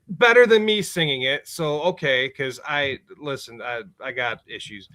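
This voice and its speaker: A man with a slightly raised, lively voice tells a story as a guest on a casual podcast. He laughs often, swears freely and fills his talk with loose fillers. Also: fairly high pitch, unhurried. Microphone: remote call setup.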